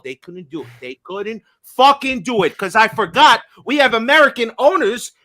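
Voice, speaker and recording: Male podcast host, high and bright, cranked up and profane. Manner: loud, hyped and profane, ranting. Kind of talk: fired-up podcast talk.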